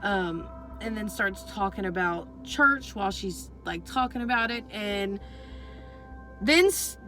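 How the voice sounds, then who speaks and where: A woman's voice: mid-range voice, animated, takes it slowly, sharp tone, faint music behind, rough recording. A young adult woman vlogger telling a story casually, rambling with constant fillers and swearing freely.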